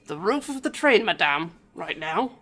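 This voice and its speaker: A woman voicing a portly, pompous male detective with a put-on French accent, speaking slowly and grandly. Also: lowish voice, sing-song, fairly bright tone. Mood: courteous.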